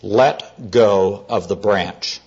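The patient male voice of the Lord answers from above, low and measured , as a preacher voices him. The voice is husky, and the recording sounds dull and lo-fi. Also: a little mellow, full character voice. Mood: calm.

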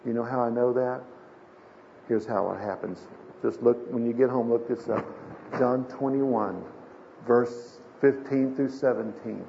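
A man's voice: medium pitch, steady tone, a little slow, vocal fry. An older man preaching a sermon as a pastor, folksy and storytelling, with emphatic swells. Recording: dull lo-fi sermon recording with faint hiss.

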